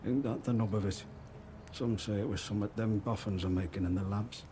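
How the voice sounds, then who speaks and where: Guy voicing a gruff northern english trader in the woods, real deep, liverpool bits, noisy game audio. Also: steady tone, brisk, close to an everyday voice. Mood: musing. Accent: northern English with Liverpool hints. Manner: folksy, wary, chatty storyteller.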